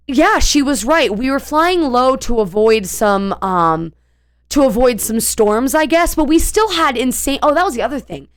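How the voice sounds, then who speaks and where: Chatty woman streamer, smooth voice. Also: sits high. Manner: animated, rambling, many fillers and restarts. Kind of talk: casual storytelling.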